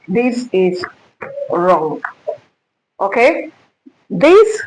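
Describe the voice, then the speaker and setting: Middle-aged woman music teacher; unhurried, emphatic, quizzes the class, a touch high-pitched. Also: sing-song, darkish tone, low-quality recording. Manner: slow, emphatic, repeats and quizzes the listener.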